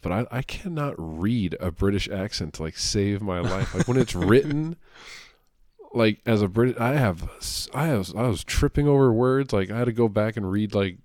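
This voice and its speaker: A man, co-hosting a casual comic book podcast, rambling with many fillers and quick impressions. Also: on the low side, expressive, darkish tone, no room sound, studio quality. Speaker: podcast co-host.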